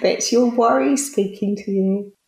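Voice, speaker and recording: New Zealand mum with a roomy echo. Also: female voice, medium pitch, measured pace, vocal fry, warm tone. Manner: laughs often while describing her daughter. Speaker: mother.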